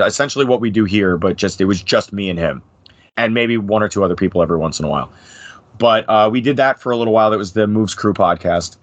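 A man's voice: on the low side, quick pace, no room sound. A man in his thirties from New Jersey with an American accent, a podcast guest chatting casually, swearing a lot and rambling through his stories. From New Jersey, USA. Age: 30s. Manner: profane, rambling, lively impressions. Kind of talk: casual chat.

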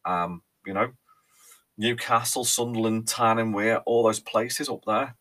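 A man's voice: lowish voice, unhurried, a bit bright. A man in his thirties with a Merseyside accent, hosting a casual solo podcast and chatting in a rambling way full of ums and restarts. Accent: Merseyside with a faint Cheshire lilt. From Ellesmere Port, England. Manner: chatty and rambling, with frequent ums and repeated words. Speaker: podcast host.

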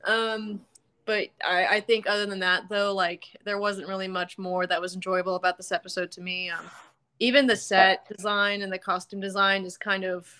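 Bright lady podcast host, chatty, swears a bit, lots of ums. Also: mid-range voice, level tone, moderate pace, clean tone. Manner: chatty, swears casually, many fillers. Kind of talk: casual chat.

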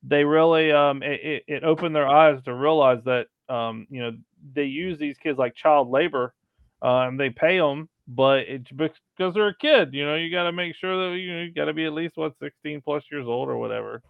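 Man, hesitant casual chat, gravelly, dry phone-like sound. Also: a little high, moderate pace, no echo. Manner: hesitant, many "um" fillers. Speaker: podcast panelist. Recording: tinny phone line, dry.

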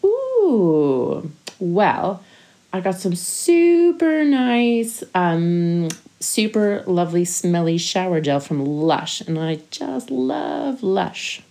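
A young woman from Nova Scotia, answering questions as a guest on a family podcast in a slow, thoughtful, playful way. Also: mid-range voice, big pitch swings, gravelly, warm tone. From Halifax, Nova Scotia, Canada. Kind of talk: casual family podcast chat.

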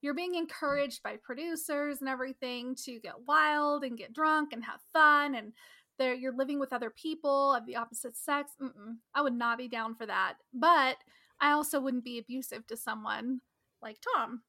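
A woman's voice: sits high, normal speed, sharp tone. A woman hosting a podcast, chatting casually and outspokenly with many "like"s. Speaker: podcast host. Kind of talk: casual chat.

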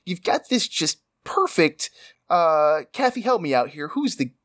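A man's voice: sing-song, measured pace, fairly bright tone, no room sound, studio quality. A man hosting an improvised comedy podcast over a video call with a headset, skeptical and teasing. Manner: skeptical, teasing, with big pitch swings.

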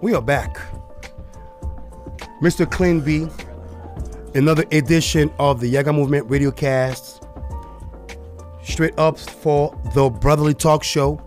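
A fairly high-voiced man with an African accent hosts a loose, playful radio chat. He leans on catchphrases, and faint music sits under his voice. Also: fairly even intonation, measured pace, pauses often, a little mellow. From raised in Maryland, USA. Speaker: host. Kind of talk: casual radio show hosting.

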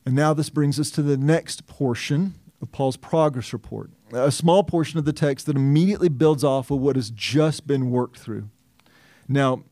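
A man's voice: on the high side, warm tone, no echo. Earnest male pastor, dry close sound. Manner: earnest, reasons aloud with restarts and self-questions. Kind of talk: expository sermon.

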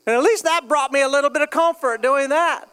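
A man's voice: extremely high pitch, a little fast. Man preaching a jokey storytelling sermon. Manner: storytelling, joking, animated. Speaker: pastor.

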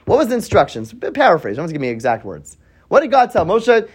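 Male Torah teacher, lively pitch, quizzes the class, restarts thoughts mid-sentence. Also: fast, slightly rough. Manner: asks the class questions, thinks aloud with restarts. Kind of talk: weekly Torah portion class.

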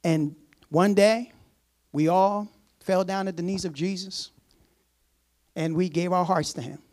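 Scripture is read aloud by a preacher who stops for laughing asides and acts out the servant's words in a low, casual voice. He speaks a little slowly with a steady, darkish tone.

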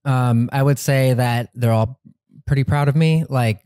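A man answering as a guest in a casual podcast interview, relaxed and easygoing. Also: mid-range voice, unhurried, clean tone, dry recording, clean studio sound.

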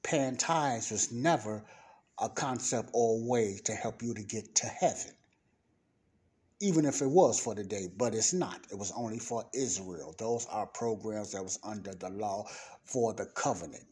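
Husky, emphatic male Bible teacher. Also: lowish voice, darkish tone. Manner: emphatic, slows down to stress points. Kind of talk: informal sermon.

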